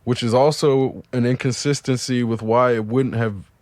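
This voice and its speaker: A man's voice: mid-range voice, steady tone, normal speed, a little mellow, no echo. Opinionated man with a dry close sound. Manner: opinionated, argumentative, swears casually. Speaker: podcast co-host. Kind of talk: casual chat.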